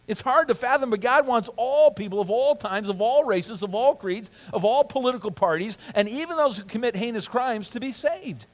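High-voiced, impassioned male preacher. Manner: impassioned preaching, reads scripture aloud, asks the congregation to repeat. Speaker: pastor. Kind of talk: sermon.

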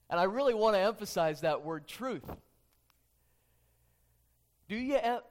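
A man with a somewhat high voice preaches to his congregation. He is earnest and keeps circling back to the same questions, restarting his phrases as he pushes his point home. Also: animated, unhurried, pauses often. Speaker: pastor. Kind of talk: sermon. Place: church sanctuary.

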